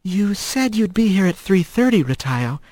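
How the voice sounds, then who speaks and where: A man voicing an earnest young female mouse who speaks gently and with concern. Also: high-pitched, very animated, normal speed, no echo, studio quality, voice pushed up.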